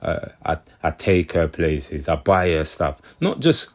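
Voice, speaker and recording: A man's voice: low voice, lively intonation, normal speed. A man rambling through a casual monologue, repeating himself and often checking that the listener follows. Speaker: commentator.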